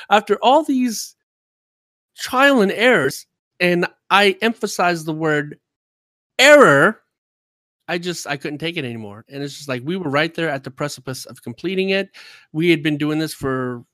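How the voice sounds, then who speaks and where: A man's voice: on the high side, normal speed, a bit bright, dry recording. A man who streams games, telling a story in casual podcast chat, talkative and worked up. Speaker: streamer and gamer.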